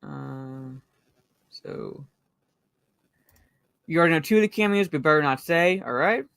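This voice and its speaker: A woman's voice: deep voice, expressive, a little slow, vocal fry, a bit bright, no room sound, studio quality. A woman hosting a casual live stream, chatting about a movie and greeting viewers from the chat. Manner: chatty, greets viewers and reads chat messages aloud, frequent fillers. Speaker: livestream host.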